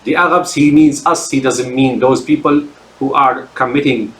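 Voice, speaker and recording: A man's voice: medium pitch, steady tone, measured pace, a bit bright, reverberant, low-quality recording. A man delivering an unscripted solo rant as a commentator, speaking in emphatic sweeping declarations and stumbling over many fillers and repeated words. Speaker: political commentator.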